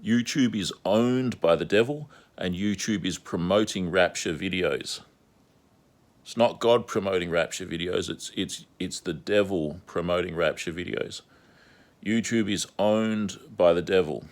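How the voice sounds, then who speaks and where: Very deep-voiced man ranting insistently. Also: measured pace. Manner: insistent, repetitive, emphatic. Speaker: online commentator. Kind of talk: ranting monologue vlog.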